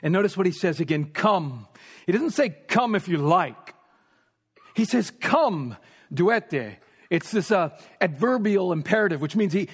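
A man with a high voice preaches a sermon at an unhurried pace, leaning on repeated phrases and sometimes sinking to a near whisper. His voice rings with the long reverb of a large church hall. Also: breathy edge. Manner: emphatic, repeating phrases, dropping to a hush for stress.

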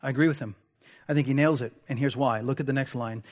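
A man's voice: medium pitch, quick pace. A man preaching a sermon, explaining a text closely with rhetorical asides. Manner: expository, dwells on words, rhetorical asides.

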